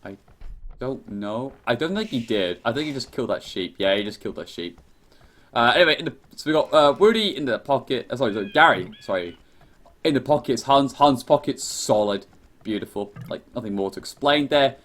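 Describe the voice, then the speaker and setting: A man's voice: mid-range voice, animated, a little fast, fairly bright tone. A young man giving rambling, chatty live commentary on a strategy game, often correcting himself.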